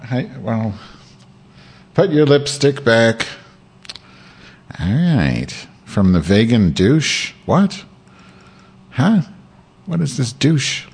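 A man's voice: mid-range voice, slightly rough. Rambling, crude man hosting a stream. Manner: crude, rambling, jumps between topics. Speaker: podcast host. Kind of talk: rambling live-stream chat.

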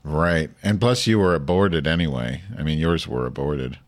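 With an extremely low voice at normal speed, a comedy show host rambles through crude stories in casual conversation. His delivery is deadpan and packed with fillers.

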